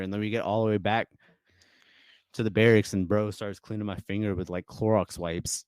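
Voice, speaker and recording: A man's voice: fairly low pitch, steady tone, moderate pace, darkish tone, clean tone, dry recording. A young man telling stories as a podcast guest in a casual, rambling way, full of fillers and restarts. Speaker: guest musician.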